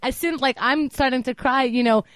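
Animated woman telling a story. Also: high voice, normal speed, no room sound. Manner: animated storyteller, acts out quotes, laughs often. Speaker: co-host. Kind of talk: casual podcast chat.

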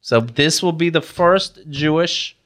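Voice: medium pitch, measured pace, a bit bright. A podcast co-host reading news and promo copy with wry, mock-dramatic delivery.

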